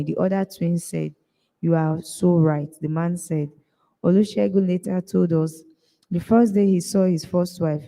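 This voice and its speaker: A woman's voice: fairly low pitch, mellow, in a large hall, low-quality recording. A woman from Nigeria with a Nigerian accent, reading a story aloud and shifting her tone slightly for each character's lines. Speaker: reader.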